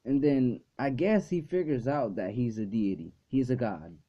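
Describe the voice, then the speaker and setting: A man's voice: mid-range voice, moderate pace. A man hosting a casual video review who talks loosely and swears a lot, with many fillers. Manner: loose and profane, full of "like" fillers. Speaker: anime reviewer and channel host. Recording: dull lo-fi recording.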